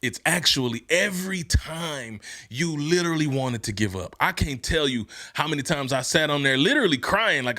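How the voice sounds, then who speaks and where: A man hosting a motivational podcast, talking in casual slang and laughing often, building from easygoing storytelling into shouted, fired-up preaching. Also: on the high side, lively intonation, moderate pace, few pauses. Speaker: podcast host and motivational speaker.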